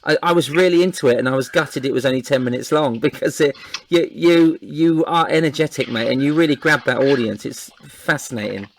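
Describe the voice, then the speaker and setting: A man's voice: medium pitch, a little fast, gravelly, few pauses, slight background noise. A man hosting an interview show, chatting casually and praising his guest, calling him mate. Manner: warm enthusiastic praise, calls guest mate. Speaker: podcast host.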